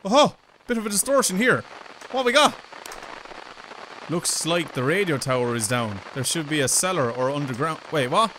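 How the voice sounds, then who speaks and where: A young Irish man commentating a horror game from a desk mic, his voice high and all over the place as he jumps from chatter to sudden yelps. The tone is bright and sharp, with a faint hum of room ambience underneath. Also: moderate pace, low-quality recording. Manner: excitable, swearing, yelps and screams when startled. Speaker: gaming YouTuber.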